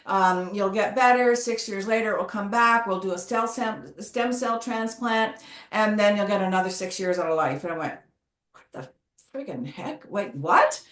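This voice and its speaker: A woman's voice: medium pitch, normal speed, a bit bright, echoey room. A woman guest speaker on a video call, talking candidly and animatedly. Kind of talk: casual conversation.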